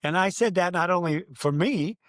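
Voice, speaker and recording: An older man with a fairly high voice, a race announcer, spins stories as a podcast guest. He punches up the lines he once said, recreating them with gusto. The sound is close and dry. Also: moderate pace, no echo. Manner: animated, acts out his own quotes loudly. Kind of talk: storytelling in a podcast interview.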